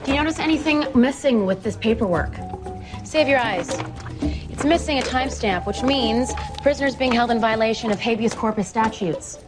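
A sharp, authoritative female prosecutor, played by an actress cuts through a scene with crisp, no-nonsense lines. Her voice sits a little high. A clear music bed runs under her in this TV drama clip. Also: normal speed, natural voice. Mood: commanding. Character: brisk, commanding female assistant district attorney.

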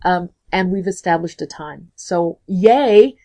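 A woman's voice: fairly low pitch, slow pace, warm tone. A woman co-hosting a podcast, chatting playfully and with amusement about a TV episode. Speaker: podcast co-host. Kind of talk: casual TV recap chat.

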